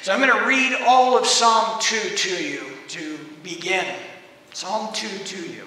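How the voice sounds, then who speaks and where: An American man preaches a sermon, reading scripture slowly and acting out its voices with animation. His voice sits high and bright. He is recorded from a distance in a large, reverberant hall. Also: a little hiss or hum. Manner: animated, acts out voices in the text. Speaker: pastor. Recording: echoey hall, mic from far off.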